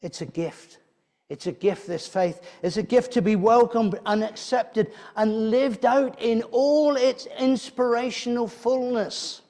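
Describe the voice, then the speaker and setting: Speaking a little slowly in a somewhat mellow, fairly high voice, a preacher delivers a church sermon. His style is conversational, full of rhetorical questions, with phrases he often restarts.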